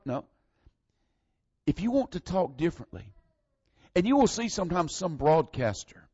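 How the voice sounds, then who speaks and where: A man's voice: a little high, no room sound, highs cut off. A man from northern Florida with a Southern accent, preaching a folksy, conversational sermon and leaning hard on the scripture verses.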